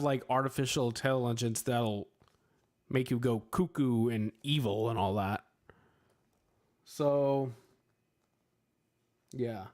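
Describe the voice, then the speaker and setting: A man chatting casually on a livestream, answering questions in a rambling way, with lots of filler words, and joking at his own expense. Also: medium pitch. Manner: playful, laughs at himself. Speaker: streamer answering chat questions.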